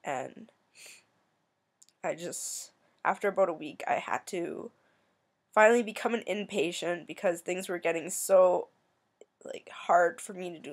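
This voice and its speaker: A young woman from Canada telling a personal story in a soft, halting, emotional way, with many pauses, near tears. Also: fairly low pitch. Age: young adult. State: tearful. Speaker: vlogger.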